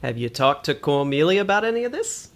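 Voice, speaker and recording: A man's voice: on the high side, sing-song, a little fast, vocal fry. A man voicing a fussy, exasperated space doctor in a put-on Australian accent. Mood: scheming. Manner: pedantic and fussy. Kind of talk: tabletop actual-play role-play.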